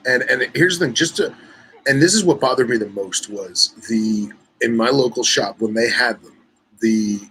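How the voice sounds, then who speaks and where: A man co-hosting a podcast, chatting in a relaxed, self-mocking way. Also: medium pitch, normal speed, a little hiss or hum, rough recording. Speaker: podcast co-host. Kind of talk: casual chat.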